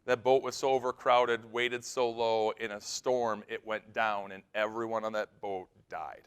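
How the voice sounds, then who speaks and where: A male pastor giving a keynote sermon on a conference stage, telling stories in an animated way that swings between loud bursts and hushed, serious moments. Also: fairly low pitch, a little slow, smooth.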